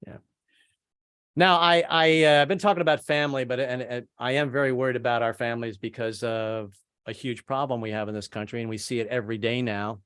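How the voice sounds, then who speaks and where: A man's voice: mid-range voice, steady tone, brisk, fairly bright tone, clear, resonant tone, no echo. Guy doing standup, rambly, stumbles over words, dry sound. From American, family from Kentucky. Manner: rambling, repeats words, acts out voices. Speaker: stand-up comedian. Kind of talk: stand-up comedy set.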